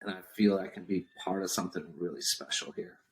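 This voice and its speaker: Animated man telling a story. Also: low-pitched, a little fast. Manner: animated storyteller acting out quotes. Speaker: guest entrepreneur. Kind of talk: storytelling interview chat.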